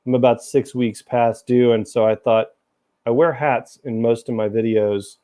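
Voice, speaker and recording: A man's voice: medium pitch, steady tone, moderate pace, mellow. A middle-aged man from Tennessee hosting a casual livestream chat over a video call, chatty and easygoing, laughing often. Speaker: host.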